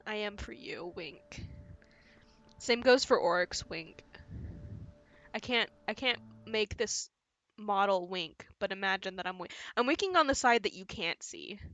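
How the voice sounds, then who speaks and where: A woman's voice: mid-range voice, expressive, normal speed, fairly bright tone, dull audio. A woman live-streaming a game, playful and joking, often giggling between her remarks.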